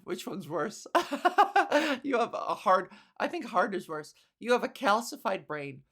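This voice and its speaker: A woman comedian hosting her own podcast, ranting casually with sarcasm, profanity and quick laughs. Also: medium pitch, creaky, a bit bright. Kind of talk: casual solo podcast rant.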